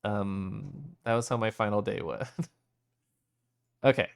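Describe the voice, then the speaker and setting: A man's voice: lowish voice, slow pace, vocal fry. A male streamer talking casually to his chat, emotional and teary, laughing often between sentences.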